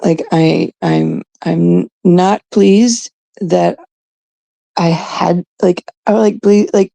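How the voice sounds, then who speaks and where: A woman's voice: fairly low pitch, animated, very slow, vocal fry, dark tone, no echo. A woman from Canada talking casually on a livestream, aggrieved and emphatic, repeating her points.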